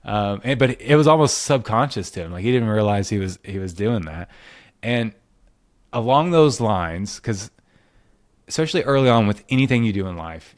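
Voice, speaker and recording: A man's voice: fairly low pitch, no echo. A man hosting a casual podcast, telling stories in a chatty way and laughing often. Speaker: podcast host.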